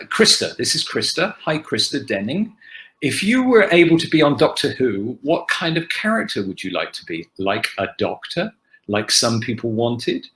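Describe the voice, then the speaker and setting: Older man, guest actor on a video call from home, lively storyteller, bright and forceful tone. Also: mid-range voice, rough recording. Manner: animated anecdotal storytelling. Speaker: guest actor answering fan questions. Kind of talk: casual virtual panel Q&A. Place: home kitchen.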